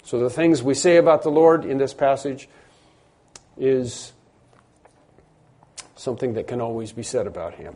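A man's voice: mid-range voice, normal speed, pauses often, warm tone. A middle-aged man preaching a sermon, explaining a passage earnestly and often repeating words for emphasis. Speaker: pastor.

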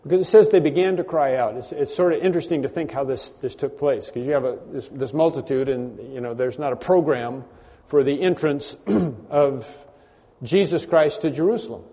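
A man preaching a conversational sermon, often clearing his throat and repeating words. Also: mid-range voice, normal speed, mellow. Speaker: pastor. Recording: long hall reverb.

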